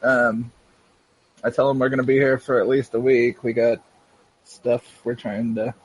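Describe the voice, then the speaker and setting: A man playing a tabletop game, speaking hesitantly and softly. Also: medium pitch, level tone, moderate pace, slightly rough, low-quality recording. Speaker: player. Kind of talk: casual tabletop play.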